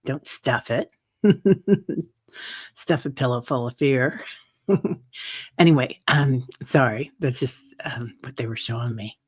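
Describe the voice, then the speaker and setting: A woman hosting a meditation group, chatting gently with viewers, greeting them by name and laughing often, a little teary. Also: very deep voice, takes it slowly, pauses often, breathy edge. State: teary-eyed. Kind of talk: casual livestream chat. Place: home, streaming on camera.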